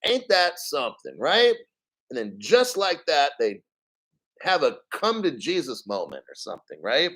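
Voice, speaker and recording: A man's voice: a little high, wildly swooping pitch, unhurried, fairly bright tone, rough recording. A man in his fifties hosting a crypto news livestream, ranting in a profane, sarcastic way. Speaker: crypto news show host.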